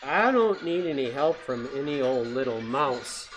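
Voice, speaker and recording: A stern, grumpy library owl from a storybook read aloud, as a man puts him on. He sounds huffy and drags his words out like a hoot. The voice sits a little higher and louder than the reader's own. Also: animated, a little slow, soft background music, rough recording.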